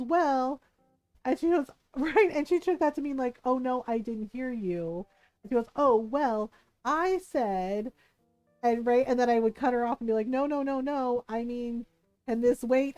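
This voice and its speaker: A chatty woman from the Philippines telling stories to her live-stream audience, laughing often and slipping into the voices of the people she quotes. Her voice sits a little high and sounds mellow and warm. The recording is dry and close, with soft music playing underneath. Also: dry recording, low-quality recording. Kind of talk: casual storytelling to a live stream.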